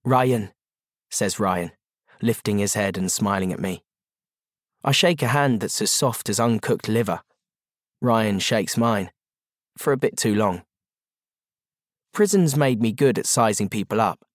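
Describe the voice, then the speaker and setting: A man's voice: lowish voice, measured pace, long pauses, no echo, studio quality. A man reading a first-person audiobook narration in a terse, wry, matter-of-fact manner.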